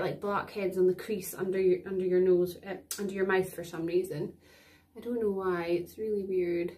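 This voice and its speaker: A woman's voice: mid-range voice, darkish tone, distant mic. A woman with a Scottish accent chatting casually through a beauty product review as a vlogger. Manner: chatty, rambling, with fillers.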